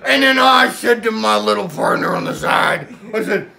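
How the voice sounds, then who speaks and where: Using a bright, forceful, exaggerated voice that's a little high and moderately paced, a woman gives gravelly life to a bragging old pirate captain. In this comedy sketch he excitedly tells a long, theatrical, wandering tale.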